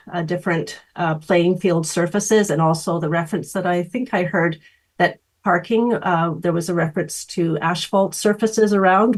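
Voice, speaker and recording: A woman speaking as a public commenter at a council meeting, with many pauses and fillers. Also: lowish voice.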